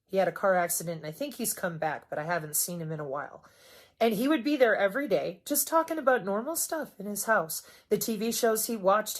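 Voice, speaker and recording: A middle-aged woman from Wisconsin talking in an unscripted vlog monologue. She is sarcastic, swears often and swings sharply in pitch and loudness as she talks. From Wisconsin, US Midwest. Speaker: vlogger.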